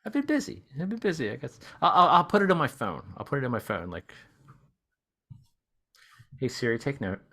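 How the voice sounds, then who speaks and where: A woman with an unusually deep voice chatting casually on a podcast. She laughs a lot and pokes fun at herself in a relaxed, easygoing way. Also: fast talker, few pauses. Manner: laughs often, self-deprecating and easygoing. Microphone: podcast mic.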